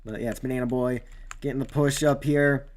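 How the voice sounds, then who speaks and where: Male streamer calling his own sim race, casual and rambling, mid-pitched, faint background hiss. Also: fairly quick. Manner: rambling, many fillers, sudden excited outbursts.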